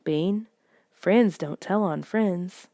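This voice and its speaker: A woman voicing a boy who talks softly and in hushed tones. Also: mid-range voice, expressive, a little fast, no echo, studio quality, lightly acted. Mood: whispered. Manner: soft, hushed. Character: boy friend, quiet and eerie.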